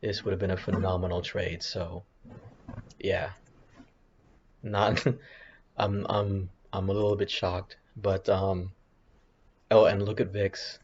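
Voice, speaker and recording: Low gravelly tired man. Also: little pitch movement, slow, long pauses, darkish tone, highs cut off. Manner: rambling, self-deprecating, thinking aloud. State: tired, yawning. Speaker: options trading vlogger. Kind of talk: casual screen-share commentary.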